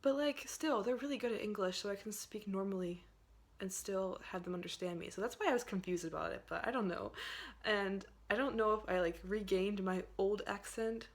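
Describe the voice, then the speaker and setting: A woman's voice: medium pitch, a little fast. A young woman from Pennsylvania talking to camera in a casual, rambling vlog, full of fillers and hedges. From Pennsylvania, USA. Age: young adult. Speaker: vlogger.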